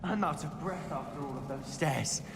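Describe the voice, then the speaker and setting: A man's voice: a little high, moderate pace, gravelly, a crowd in the background. An actor voicing a wry young male wizard student in a video game, making dry, teasing remarks. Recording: game audio with roomy reverb and loud score.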